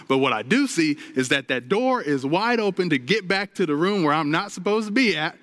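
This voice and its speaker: A man's voice: a little high, expressive, fairly quick, fairly bright tone. A man preaching from a stage, telling a personal testimony with earnest storytelling and addressing the crowd directly. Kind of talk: sermon testimony.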